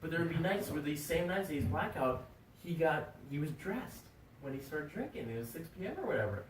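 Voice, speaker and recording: A man's voice: fairly high pitch, a little fast. A young man co-hosting a casual podcast, telling a rambling story and acting out the voices of the people in it. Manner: rambling, animated, acts out quoted voices. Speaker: podcast co-host. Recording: echoey room, far from mic, faint noise.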